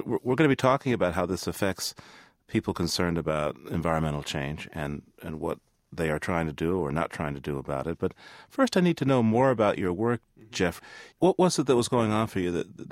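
A man's voice: low-pitched, expressive, normal speed, dry recording, studio quality. A man hosting an interview, asking searching questions and often restarting them. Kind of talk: radio interview.

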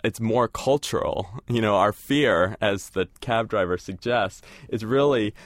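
A man's voice: on the low side, unhurried, no room sound, studio quality. A man co-author who reads from his book and answers in a thoughtful, hedging way. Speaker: co-author guest. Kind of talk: reading aloud, then interview answers.

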